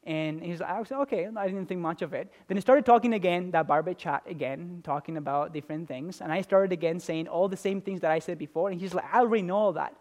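Young male pastor, high voice, earnest sermon delivery with dynamic swings. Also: steady tone. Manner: earnest, swings from loud emphasis to soft, slow intimacy.

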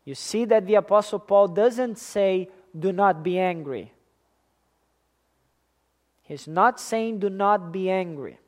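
Preacher mid-sermon: slow, deliberate delivery with mid-range pitch, hammering phrases through repetition, loud stresses dropping to quiet asides. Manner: deliberate and emphatic, repeating key phrases.

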